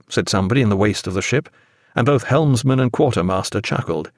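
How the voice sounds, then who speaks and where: The narration comes from a man with a lowish voice reading a novel aloud for an audiobook. His delivery is measured and expressive, in a dry, studio-quality recording.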